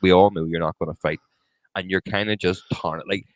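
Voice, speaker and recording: Deep-voiced man, sweary and argumentative. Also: steady tone, brisk, no echo, rough recording. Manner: argumentative, sweary, hesitant restarts. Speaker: podcast co-host. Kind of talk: casual chat.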